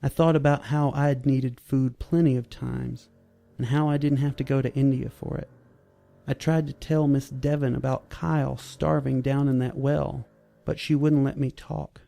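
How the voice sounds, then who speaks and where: A man reads a story aloud in a measured, steady way. His voice is gravelly and dark at a middle pitch. Soft music plays under the narration. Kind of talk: storybook reading.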